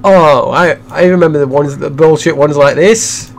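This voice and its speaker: High-voiced young man telling a rambling story. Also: normal speed, slight background noise. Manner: rambling storyteller, restarts often. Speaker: let's play host. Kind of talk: casual gaming chat.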